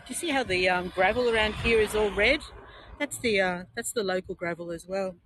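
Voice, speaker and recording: An Australian woman guiding a live walking tour outdoors on a coastal headland, talking in a chatty, meandering, gentle way into a handheld phone. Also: mid-range voice, fairly quick, noisy background. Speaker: tour guide.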